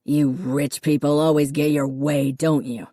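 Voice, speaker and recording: A woman's voice: deep voice, level tone, unhurried, warm tone, dry recording, studio quality. A woman reading an audiobook, voicing a poor father speaking with bitter rage. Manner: bitter, resentful.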